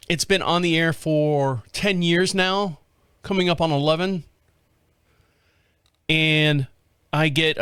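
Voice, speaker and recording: An American man hosting a podcast, telling a rambling, animated story with frequent restarts and casual swearing. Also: a little high, clean tone, dry recording, studio quality. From United States. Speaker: podcast host.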